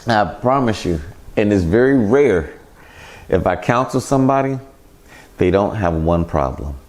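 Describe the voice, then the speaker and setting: A man's voice: fairly low pitch, lively intonation, measured pace, a little mellow. A man, co-hosting a talk show in a folksy, preachy way that acts out little everyday scenes. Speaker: radio show co-host. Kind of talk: casual chat.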